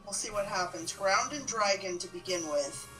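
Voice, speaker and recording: Woman, co-player, casual hesitant chat, bright voice, faint music behind. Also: mid-range voice, moderate pace, recorded from a distance, rough recording. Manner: hesitant, many restarts, giggly. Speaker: co-player on a game stream.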